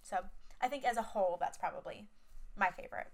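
A young woman co-hosting a podcast in casual chat, animated, swearing freely and filling her talk with "like". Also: medium pitch, fast talker. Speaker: podcast co-host.

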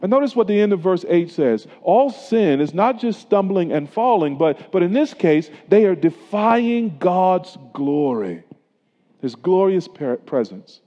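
Middle-aged pastor in an echoing hall. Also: male voice, high-pitched, very animated, measured pace. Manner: conversational preaching with personal stories. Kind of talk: sermon. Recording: dull lo-fi sound with long hall reverb.

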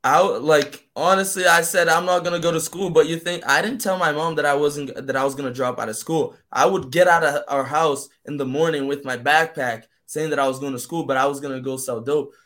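A young man from Brazil, a native Portuguese speaker, telling his story in a casual interview, animated and full of "man" and "like". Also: fairly high pitch, fairly quick, few pauses. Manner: animated, acts out voices in quotes, fills with "man" and "like". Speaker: guest.

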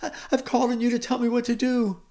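A man voicing a desperate, troubled king who pleads loudly and quickly. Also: very high voice, little pitch movement, voice pushed up. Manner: pleading, loud, hurried.

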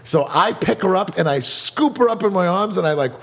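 A man tells a bar story in casual chat, rambling and swearing, and often restarting his sentences. His voice is husky. The room adds a long reverb tail. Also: high voice, animated, brisk, fairly bright tone. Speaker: podcast co-host telling a bar story.

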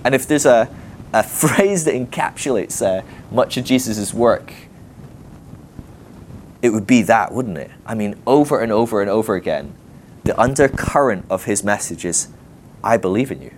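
Man, guest preacher, casual sermon, lively asides, talks to the room. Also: on the low side, moderate pace, a little hiss or hum. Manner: animated, chatty, full of asides and rhetorical questions. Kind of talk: conversational sermon. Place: teaching session before a live group.

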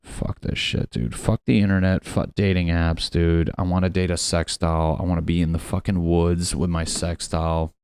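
A man's voice: sits low, level tone, moderate pace, hardly any pauses, a little mellow, smooth. A young adult man ranting in a rambling, profane, comedic monologue full of fillers.

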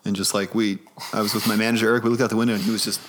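A man's voice: lowish voice, flat delivery, very fast, background noise. A man in his forties co-hosting a podcast, telling rambling, easygoing stories full of fillers. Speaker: podcast co-host. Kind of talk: casual chat.

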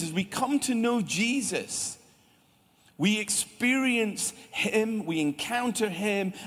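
Scottish male pastor with a fairly high voice, conversational sermon, long church-hall reverb. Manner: lively, chatty preaching with asides to the congregation.

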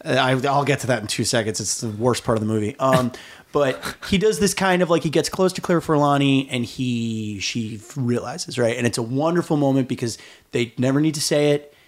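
A man co-hosting a film podcast, with a voice of ordinary pitch. He talks in a loose, rambling way, often breaking off and correcting himself mid-thought. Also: brisk. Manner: rambling, self-interrupting. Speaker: podcast co-host. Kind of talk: casual film discussion.

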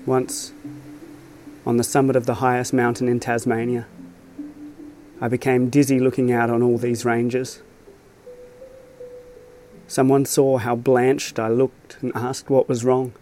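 A man reading his own reflective travel essay aloud as scripted narration, measured and thoughtful. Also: medium pitch, level tone, mellow, soft background music. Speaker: storyteller.

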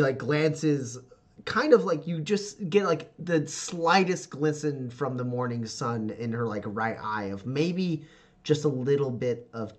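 A man narrating a tabletop game as game master, in a casual, filler-heavy storytelling way. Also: mid-range voice.

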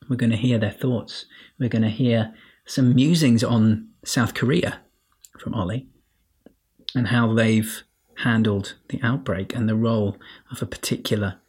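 A man's voice: medium pitch, steady tone, unhurried, darkish tone, breathy edge. A man hosting a podcast on his own, chatting playfully and wryly and firing off rhetorical questions at his listeners. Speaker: podcast host. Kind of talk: casual solo monologue.

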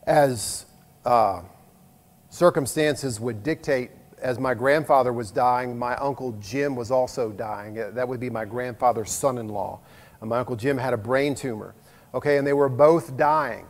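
A middle-aged man preaching a sermon as a pastor, earnest and conversational, moving between loud emphasis and hushed asides. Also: mid-range voice, a little slow. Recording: long reverb of a large hall.

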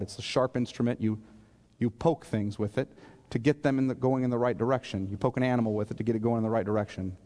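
A man's voice: mid-range voice, big-room sound. A man preaching a sermon as pastor, explaining scripture and asking the congregation questions. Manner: asks the congregation questions, expository. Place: church sanctuary.

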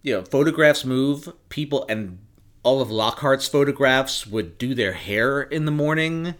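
A man's voice: mid-range voice, lively intonation, measured pace. A man co-hosting a podcast, chatting casually, rambling and swearing enthusiastically. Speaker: podcast co-host. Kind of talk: casual chat.

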